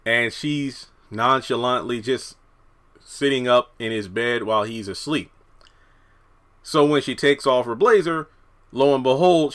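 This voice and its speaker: Medium in pitch and fairly bright, a male TV reviewer rambles conversationally with plenty of fillers. He's a little out of breath because his room is hot and the fans have been switched off.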